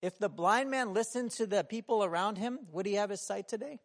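A man preaching a sermon in a conversational way, asking the room many questions and acting out the voices in his story, sometimes shouting. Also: sits high, brisk. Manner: acts out quoted voices, shouting at times.

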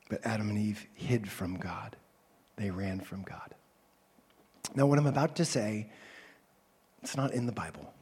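A man preaching a sermon as a pastor, swinging between loud, animated calls and soft, hushed passages. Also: fairly low pitch, normal speed, breathy edge.

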